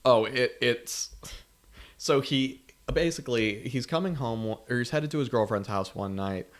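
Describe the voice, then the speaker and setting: A man's voice: mid-range voice, a little slow. A young man co-hosting a podcast, telling a long story in a rambling, casual way with many restarts. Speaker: podcast co-host. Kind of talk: casual chat.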